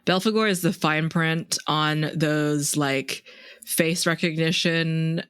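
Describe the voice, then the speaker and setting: A podcast co-host in casual chat, chiming in with quick quips and short reactions. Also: mid-range voice, fairly even intonation, a bit bright, smooth, dry recording, studio quality.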